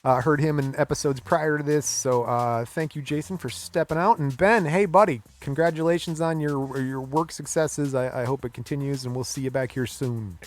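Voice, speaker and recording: A middle-aged man from Michigan hosting a casual podcast, animated and jokey, with loud announcer-style bursts. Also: medium pitch, normal speed, few pauses. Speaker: podcast host.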